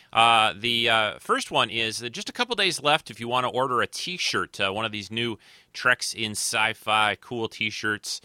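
Casual podcast host, bright and crisp. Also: male voice, on the low side, dry recording, clean studio sound. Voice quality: slightly nasal today. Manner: rambling, many filler pauses. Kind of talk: casual solo podcast talk.

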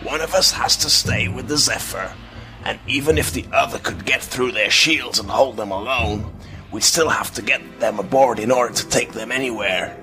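A man's voice: mid-range voice, normal speed, music in the background, natural voice. A man voicing a sarcastic male alien pilot in an audiobook reading, muttering dry remarks. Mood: urgent.

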